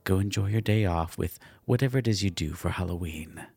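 A man voicing a hungry female demon who drains her prey, speaking in hushed, menacing whispers. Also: low voice, a little fast, creaky, slightly rough, no room sound, full character voice.

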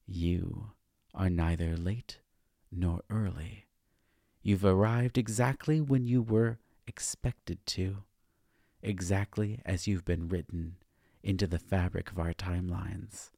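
A man's voice: low voice, steady tone, vocal fry, warm tone, no room sound, studio quality, full character voice. A man playing a hissing, menacing ancient seer. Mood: solemn. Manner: hissing, slow, ominous. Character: ancient, menacing male seer with obsidian skin.

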